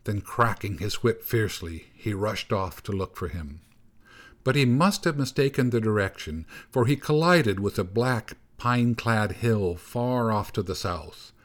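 Man narrating a folk tale, very slow pacing, measured delivery, storybook read-aloud, sometimes hushed. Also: on the low side.

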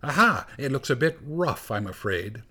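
A man's voice: medium pitch, very animated, normal speed, heavily acted. A man doing a hot-tempered, blustering cellist. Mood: mocking. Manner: shouting, blustering. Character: irritable, hot-tempered young male cellist.

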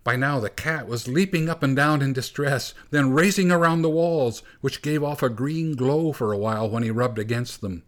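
A man narrating a storybook at a calm, measured pace. His voice sits at an ordinary middle pitch and stays steady.

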